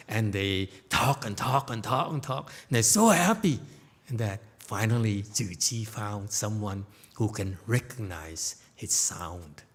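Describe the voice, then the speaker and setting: Slow-spoken man giving a dharma talk. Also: lowish voice, a bit bright. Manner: informal, laughing, checks in with "okay?". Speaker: Buddhist teacher. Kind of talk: dharma lecture, storytelling. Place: temple lecture hall.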